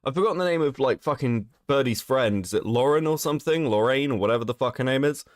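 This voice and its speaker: A man's voice: mid-range voice, lively intonation, fast talker, dry recording. Sick, swearing male streamer. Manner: swears a lot, laughs often, reads chat aloud. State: sick, rough voice. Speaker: streamer host. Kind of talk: casual livestream chat.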